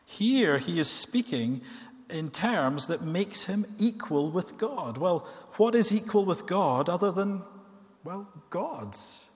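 A man preaching a sermon in a church, earnest, asking rhetorical questions and slowing down to stress key words. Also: high-pitched, animated. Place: church hall. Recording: long reverb of a church hall.

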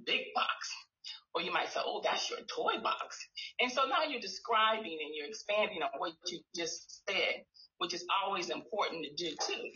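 Speaking in a fairly low pitch that comes out pushed and bright, a female speech pathologist walks parents through play techniques, performing sing-song phrases as if to a child. The sound is echoey and a little dull, as in a room.

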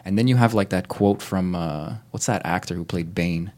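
A man's voice: sits low, moderate pace, a little mellow. Swearing, rambling podcast host, a man. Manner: rambling, laughing, swears often. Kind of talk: casual podcast chat.

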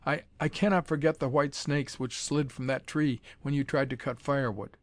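A man's voice: medium pitch, fairly even intonation, normal speed, dry recording, natural voice. A man reading an audiobook, voicing a brave young woman of a lost tribe in a slightly raised, earnest voice. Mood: uneasy.

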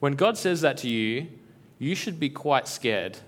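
A man at a mid-range pitch gives a laid-back devotional talk. He speaks earnestly but loosely, leaning on fillers, repeats and restarts as he works through his point. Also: animated, unhurried. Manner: conversational, filler-heavy, earnest, with frequent repeats. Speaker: preacher.

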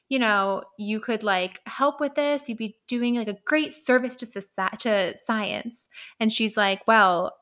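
Bright, sarcastic woman. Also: medium pitch. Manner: chatty and sarcastic, laughs often. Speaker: podcast co-host. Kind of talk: casual book recap chat.

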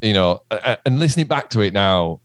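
Chatty man, low voice. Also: animated, fast talker, no echo, clean studio sound. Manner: chatty, rambling, swears, says "do you know what I mean". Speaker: musician guest. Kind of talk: casual interview chat.

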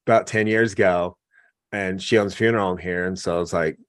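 A man telling stories in a relaxed conversational way, with frequent fillers. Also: low voice, a little fast, no room sound, studio quality. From American West. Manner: relaxed storytelling, many fillers. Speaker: guest. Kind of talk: casual conversation.

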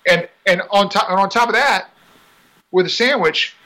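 A man, a racing driver talking casually in an interview, chatty and quick to laugh. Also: high voice, poor audio. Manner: chatty, laughs often, animated asides.

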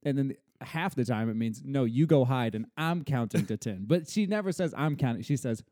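A man co-hosting a casual podcast, telling animated stories about his toddler and acting out her lines. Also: mid-range voice, moderate pace, dry recording, studio quality. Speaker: podcast co-host, father of a toddler.

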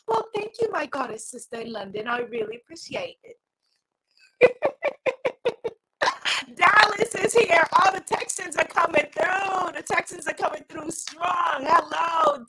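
A woman's voice: high voice, pushed and bright, low-quality recording. A middle-aged woman with a New York accent hosting a live inspirational talk, exuberant and sing-song, greeting viewers and laughing often. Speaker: host.

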